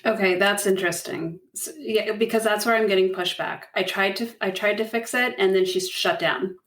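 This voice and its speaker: A woman's voice: medium pitch, fairly even intonation, moderate pace, fairly bright tone. A woman co-hosting a podcast, reacting openly in short, emotionally honest replies. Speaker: podcast co-host. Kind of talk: casual podcast chat. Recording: roomy and distant from the mic.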